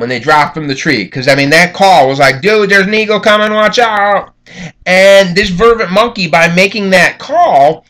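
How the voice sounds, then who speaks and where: A man's voice: on the high side, fairly bright tone. A man giving a casual classroom lecture, with a conversational manner, many fillers, and frequent "okay?" check-ins.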